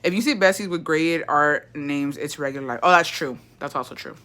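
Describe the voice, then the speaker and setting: Bright-voiced, foul-mouthed woman livestreamer. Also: low voice, a little fast. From Mexico. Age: 20s. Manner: chatty, profane, gossipy, reads chat aloud. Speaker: livestream host. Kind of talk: casual storytime livestream.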